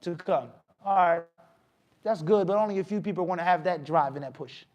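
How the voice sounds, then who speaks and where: A man gives a mosque lecture in a fairly high-pitched voice. He is animated and rhetorical, often asking the audience questions and acting out little scenes to make his point. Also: a little fast, dull audio. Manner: animated, asks the audience questions, acts out scolding. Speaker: imam giving a talk.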